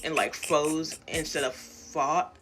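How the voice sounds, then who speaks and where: A woman's voice: lowish voice, normal speed, loud music behind the voice. A young woman telling a rambling, profanity-laced personal story in a casual, self-deprecating way, acting out what people said. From Tacoma, Washington area.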